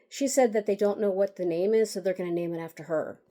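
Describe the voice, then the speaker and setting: A woman with a medium-pitched, mellow voice talks fast with few pauses. She's an author discussing her book, telling a bitter personal story in a candid vlog monologue. Emotional and rambling, she sighs, laughs wryly, restarts, and uses fillers.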